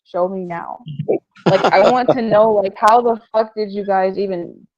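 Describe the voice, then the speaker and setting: A woman in casual livestream chat, slangy and swearing, her voice often trailing off quietly. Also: mid-range voice, fairly even intonation, normal speed, highs cut off.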